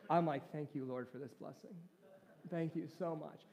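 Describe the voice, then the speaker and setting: A pastor with a slightly high, darkish voice preaches at a moderate pace in a church hall. His sermon is conversational, full of jokes with the congregation, and the hall's reverb is clearly audible.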